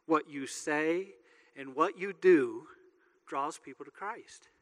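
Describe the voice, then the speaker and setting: A man gives a sermon as pastor. His voice sits a little high and sounds bright and forceful, and his delivery is loose, joking and conversational. A long reverb from a large hall trails after his words. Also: takes it slowly.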